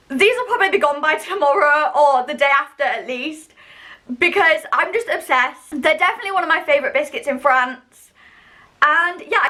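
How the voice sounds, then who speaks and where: A young British woman reviews snacks in a vlog, chatting casually and enthusiastically with plenty of fillers. Her voice is high, with a bright, forceful tone.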